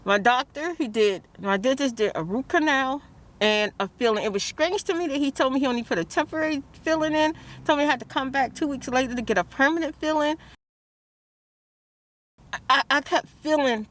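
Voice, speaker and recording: A woman's voice: high-pitched, brisk, a bit bright. A woman vlogs about her stressful morning, praying aloud and restarting her sentences, out near a car. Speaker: vlogger. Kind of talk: emotional vlog monologue.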